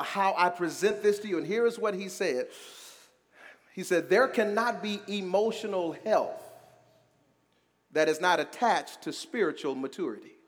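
A male pastor preaching a sermon in a church, calling out to the congregation and rising to shouts. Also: high-pitched, big-room sound.

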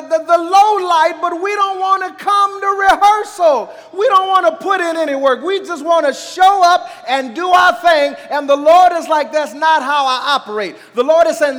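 High-voiced preacher in a ringing hall. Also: male voice. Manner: call-and-response preaching, swinging from quiet to shouting. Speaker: pastor. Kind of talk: sermon.

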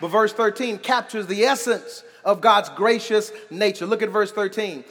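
A pastor delivering a sermon in a church, building to shouted emphasis and dropping into humorous asides. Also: male voice, high voice, normal speed, few pauses. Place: church sanctuary. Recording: long reverb of a large hall.

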